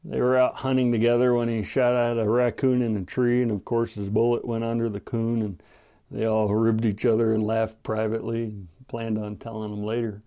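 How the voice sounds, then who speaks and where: A man preaching a radio Bible study with a gravelly, mellow voice. He talks in an earnest, measured way, pausing often as he explains scripture. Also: medium pitch, flat delivery. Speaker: pastor.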